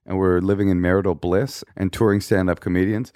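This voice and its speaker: A man co-hosting a podcast in casual chat, telling stories with lively, shouted impressions. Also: brisk, no room sound, clean studio sound. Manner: animated storyteller, shouts quoted lines in a high voice. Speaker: podcast co-host.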